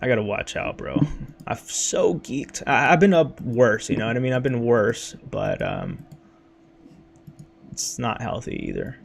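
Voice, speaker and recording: A man's voice: mid-range voice, big pitch swings, normal speed, vocal fry, slight background noise. A young man hosting a casual crypto livestream from his bedroom, hyped and rambling, wired on caffeine and a bit out of breath, with lots of "dude" and "bro". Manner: hyped, rambling, says freaking and dude a lot.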